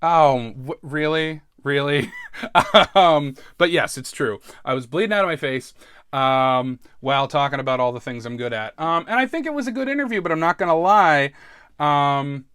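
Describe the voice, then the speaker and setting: A man's voice: a little high, animated, normal speed, a bit bright, smooth, no room sound. Rambling, self-mocking man, dry close sound. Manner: self-deprecating, laughs often, trails off and restarts. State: stressed. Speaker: podcast host. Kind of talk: casual rambling monologue.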